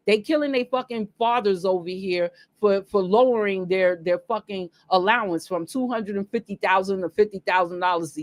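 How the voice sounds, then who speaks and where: A woman's voice: medium pitch, no echo. A woman hosting a casual livestream monologue, talking bluntly and emphatically with a lot of swearing. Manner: blunt, profane, emphatic ranting. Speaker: livestream host.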